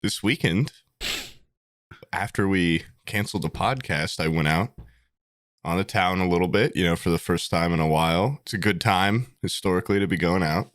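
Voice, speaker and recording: A man's voice: deep voice, moderate pace, a bit bright, dry recording, clean studio sound. A young man hosting a comedy podcast, telling rambling stories and laughing through them. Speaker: podcast host. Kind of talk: casual comedic storytelling.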